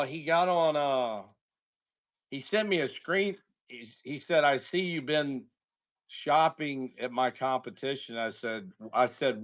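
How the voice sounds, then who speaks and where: The talkative livestream host, mid-range in pitch and slightly bright, runs his card break in a loose, conversational way. He calls out viewers by name and meanders from team summaries into stories packed with asides.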